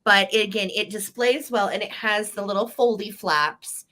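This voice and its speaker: Bright-voiced woman showing vintage items. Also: mid-range voice, moderate pace. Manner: chatty, enthusiastic, describes items warmly. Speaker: live sale co-host. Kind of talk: live sale product chat.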